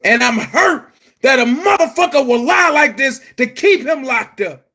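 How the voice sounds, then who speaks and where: A man delivering a heated, profane rant to his viewers, shouting at times. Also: very high-pitched, animated, unhurried, slightly rough. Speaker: commentary vlogger. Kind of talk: angry rant to camera.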